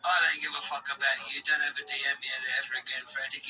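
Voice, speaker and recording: A man hosting a voice chat, erratic and foul-mouthed, swinging into loud rants. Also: mid-range voice, level tone, quick pace, few pauses, distant mic, music in the background, poor audio. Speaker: stream host. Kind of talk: casual voice chat.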